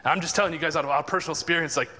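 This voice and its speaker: A man tells a personal faith story in a casual, unpolished way, full of restarts and acted-out inner quotes. His voice sits slightly high and sounds bright. A long reverb hangs behind it, as if he were in a hall. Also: very fast. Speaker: Christian speaker sharing a testimony. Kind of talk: casual spoken devotional talk.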